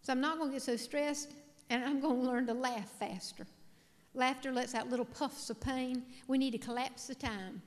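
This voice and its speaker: A woman's voice: a little high, in a large hall. A middle-aged woman giving a humorous keynote speech, telling folksy, self-mocking stories and putting questions to the audience. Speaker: motivational speaker. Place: large hall with a live audience.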